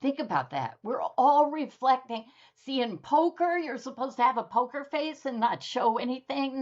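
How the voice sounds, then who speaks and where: Upbeat storytelling woman, lo-fi sound. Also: fairly high pitch. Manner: lively storyteller who acts out dialogue. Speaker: guest author. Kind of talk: conversational podcast storytelling.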